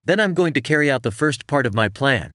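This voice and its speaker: A man's voice: mid-range voice, lively intonation, brisk, fairly bright tone, dry recording, studio quality, lightly acted. A man voicing a clever, cheeky talking cat in boots in a storybook. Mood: sly.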